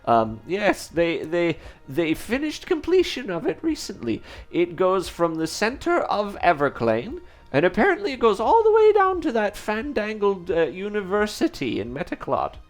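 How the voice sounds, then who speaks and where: A man's voice: high-pitched, huge pitch swings, moderate pace, hardly any pauses, soft background music, voice pushed up. A man voicing a chatty old man by the roadside, rambling in a folksy way about a new invention and his grandson.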